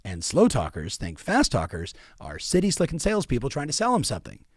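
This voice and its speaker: A man's voice: mid-range voice, wildly swooping pitch, brisk, no room sound, clean studio sound. A middle-aged man giving emphatic coaching advice to real estate agents, repeating key phrases for weight. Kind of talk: coaching talk.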